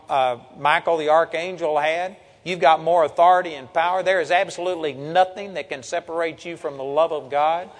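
A man's voice: a little high, in a large hall. An older man preaching a sermon, reading scripture and teaching with earnest emphasis.

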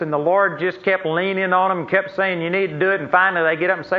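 A man's voice: high-pitched, fairly even intonation, quick pace, hardly any pauses. Folksy preacher man, lo-fi recording. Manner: folksy, conversational preaching with asides to the congregation. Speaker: pastor. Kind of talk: sermon. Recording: dull lo-fi sermon recording.

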